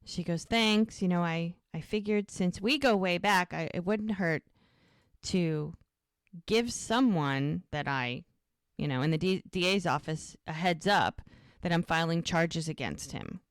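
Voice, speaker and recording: A woman's voice: on the low side, measured pace, no echo, clean studio sound. A woman co-hosting a podcast, casually recapping a TV episode and acting out the characters' lines with laughs along the way.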